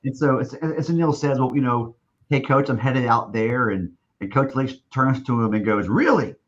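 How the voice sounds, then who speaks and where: A man spinning a long anecdote on a podcast, full of false starts and little acted-out quotes. His voice sits at an ordinary pitch and comes through slightly dull and muffled, like a modest remote setup. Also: normal speed. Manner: rambling with many restarts, acting out quoted speech. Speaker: guest, stadium announcer. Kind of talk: storytelling in a podcast interview.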